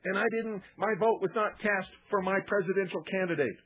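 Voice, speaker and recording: A man mimicking a bewildered older woman with a plaintive complaint. The voice is raised well above his own. It sounds husky and phone-thin on air. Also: sits high, brisk, narrow, tinny audio, voice pushed up.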